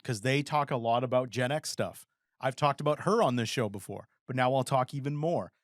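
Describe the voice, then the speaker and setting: A man's voice: mid-range voice, a little fast, no room sound, clean studio sound. Rambling male podcast co-host. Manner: rambling, animated storytelling with acted-out quotes. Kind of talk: casual chat.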